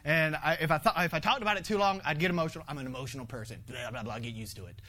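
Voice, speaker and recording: A man preaching a conversational sermon, animated, laughing often and swinging from loud to hushed. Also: fairly high pitch, very fast, slight background noise. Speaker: pastor.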